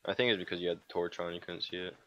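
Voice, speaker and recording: A man's voice: low-pitched, flat delivery, racing, highs cut off. A man playing a game alongside the streamer, tossing in laid-back, short reactions. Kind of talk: casual gaming chat.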